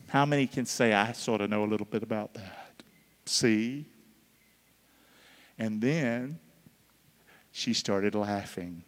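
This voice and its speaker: Pastor preaching in a reverberant hall. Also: male voice, fairly low pitch. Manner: calls for congregation responses, swings between loud and hushed. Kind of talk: sermon.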